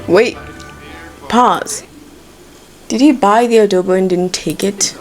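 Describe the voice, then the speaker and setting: A woman's voice: mid-range voice, takes it slowly, pauses often, a little mellow, faint music behind. A woman giving casual, rambling let's-play commentary as she plays, swearing freely and talking to her game characters. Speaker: gaming video creator.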